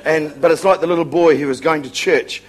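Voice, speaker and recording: A man's voice: fairly high pitch, steady tone, fairly quick. A man preaching a humorous sermon as a revival preacher, joking and laughing often.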